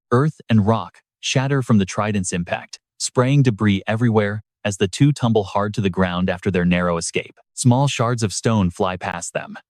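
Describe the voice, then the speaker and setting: A man's voice: lowish voice, a little mellow, dry recording, clean studio sound. A man narrating a story recap in a dramatic, scripted storytelling manner. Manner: dramatic storytelling with brief voiced quotes.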